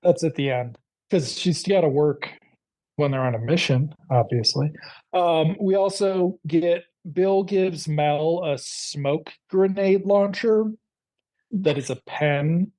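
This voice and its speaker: A woman's voice: sits low, slow, warm tone. A woman co-hosting a podcast in casual chat, making dry, wry asides and asking questions. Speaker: podcast co-host.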